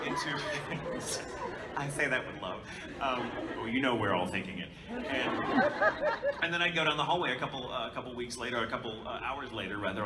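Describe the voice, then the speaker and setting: A man, a voice actor, telling lively anecdotes on a convention panel and dropping into accents as he goes. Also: mid-range voice, fairly quick, over a noisy crowd. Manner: animated storyteller, jumping into accents and voices. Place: large convention hall. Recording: echoey hall, voice from far off, background noise.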